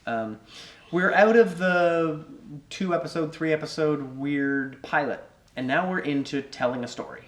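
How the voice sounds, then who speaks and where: A man's voice: on the high side, unhurried, fairly bright tone. A man hosting a casual podcast discussion, opinionated and steering the talk. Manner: opinionated, leads the topic. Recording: echoey room.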